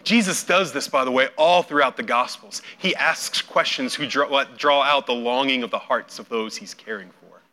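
Medium in pitch and moderate in pace, a pastor delivers his sermon with hardly any pauses. He narrates a biblical scene and acts out its voices, with dramatic shifts in loudness.

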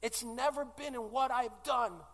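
Brief: man in his 40s, pastor mid-sermon, high and ardent, long church reverb. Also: a little slow. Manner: impassioned, swinging from loud declarations to hushed, tearful-sounding pleas.

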